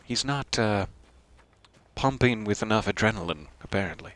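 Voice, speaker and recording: A man's voice: lowish voice, animated, normal speed, fairly bright tone. A male streamer doing let's-play commentary with puns and dry, sarcastic asides.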